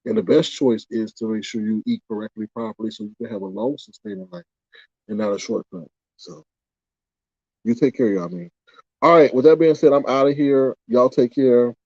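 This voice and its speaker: A man's voice: medium pitch, expressive, moderate pace, gravelly, a little mellow, no echo. A man hosting a casual livestream, rambling animatedly, firing off indignant rhetorical questions and reading out chat comments. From United States. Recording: dull, muffled sound.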